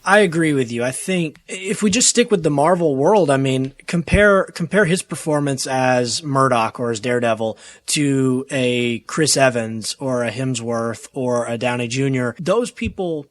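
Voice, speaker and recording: A man co-hosting a podcast, giving a measured, hedging critique in casual chat. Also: mid-range voice, dry recording. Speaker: podcast co-host.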